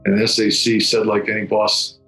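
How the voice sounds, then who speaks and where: A middle-aged man giving solemn personal testimony, halting and often repeating his words. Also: fairly low pitch, monotone, bright, forceful tone. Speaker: former federal agent recounting a memory. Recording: echoey room with faint music.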